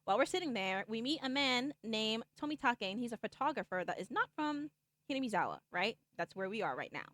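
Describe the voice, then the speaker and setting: A woman's voice: on the high side, very animated, fairly quick, fairly bright tone, no echo. A woman streamer casually recapping a game's story for viewers, rambling with lots of "like" and "okay?" and acting out the characters' lines. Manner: acts out characters' lines in the retelling.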